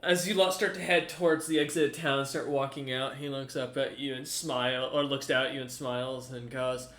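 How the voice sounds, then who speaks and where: Man game master, bright tone, loose halting narration, echoey room. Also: mid-range voice, fairly even intonation. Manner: casual, halting narration with fillers.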